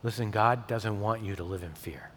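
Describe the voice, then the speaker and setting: A male pastor delivering a sermon, swinging from emphatic peaks to soft, intimate tones. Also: on the low side, moderate pace, slight background noise. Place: church sanctuary. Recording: long hall reverb.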